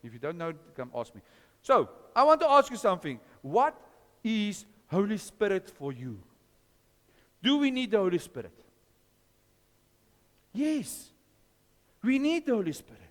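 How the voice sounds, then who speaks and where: A man preaching a sermon as pastor, questioning his congregation and teaching from scripture with an animated delivery. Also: high voice, measured pace, pauses often, big-room sound.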